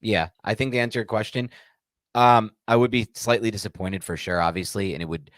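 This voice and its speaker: A man's voice: fairly low pitch, steady tone, brisk, fairly bright tone, no room sound. A man co-hosting a sports podcast, talking frankly and animatedly and acting out quotes. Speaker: podcast co-host. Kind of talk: casual sports chat.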